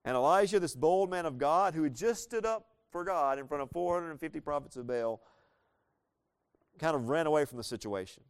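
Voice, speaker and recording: A man preaching a sermon, explaining a Bible story in a conversational way with playful asides and reading scripture slowly. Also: on the high side, animated, clear, resonant tone.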